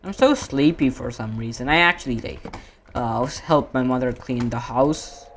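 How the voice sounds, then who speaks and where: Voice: medium pitch, animated, fairly bright tone, slight background noise. A streamer from India chatting casually while gaming, rambling and often correcting himself mid-sentence. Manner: rambling, self-correcting, drawn-out fillers.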